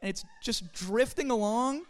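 A young adult telling a funny story to a church group, in a chatty, animated way with casual fillers. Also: mid-range voice, measured pace. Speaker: speaker at a church youth gathering. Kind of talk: humorous storytelling talk to a group.

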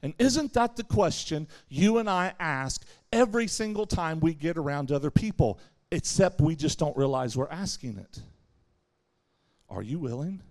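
Man, high voice, youth camp sermon, lively, acts out voices, asks and answers questions. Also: moderate pace. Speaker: camp speaker.

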